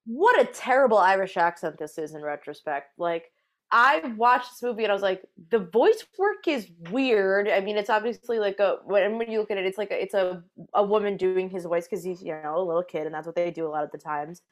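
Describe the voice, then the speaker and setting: A woman's voice: medium pitch, fast. A woman co-hosting a podcast, giving blunt, opinionated takes on a movie. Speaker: podcast co-host. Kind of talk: casual movie discussion.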